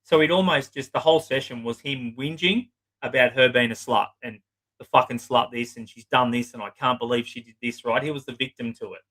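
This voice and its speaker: A man's voice: medium pitch, fairly quick, fairly bright tone, poor audio. A middle-aged man, a psychotherapist, telling client stories in a blunt, swearing, casual way and acting out their lines. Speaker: psychotherapist guest. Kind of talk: casual storytelling interview.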